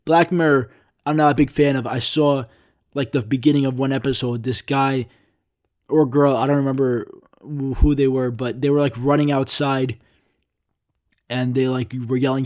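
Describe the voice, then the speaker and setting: A man's voice: medium pitch, little pitch movement, a little fast, a little mellow. A young man talks alone into his podcast mic, rambling from one thought to the next. He swears casually, often mocks himself, and speaks in an ordinary mid-range voice. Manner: rambling, profane, self-mocking. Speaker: podcast host. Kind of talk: casual solo rant.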